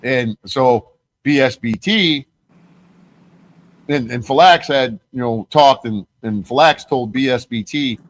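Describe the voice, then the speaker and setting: A man's voice: medium pitch, slow pace. Heated, cursing male podcast host. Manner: profane, heated, rambling storytelling. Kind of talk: casual conversation.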